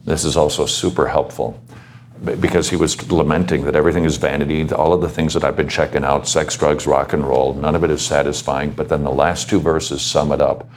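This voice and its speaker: A man's voice: rumbling low, steady tone, a little fast, slight background noise. A man giving earnest pastoral advice to students, asking his listeners questions and telling his own story. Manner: earnest, exhorting, asks the audience questions. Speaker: panel speaker.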